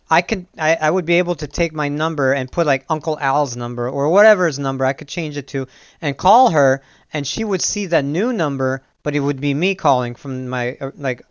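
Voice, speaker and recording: A man's voice: fairly high pitch, smooth, dry recording, highs cut off. A man co-hosting a casual chat show, talking in an easygoing way. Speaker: podcast co-host.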